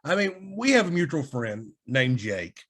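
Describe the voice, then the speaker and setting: Lively man chatting casually. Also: medium pitch, a little slow. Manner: rambling, animated, laughs often. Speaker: podcast co-host. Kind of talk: casual chat.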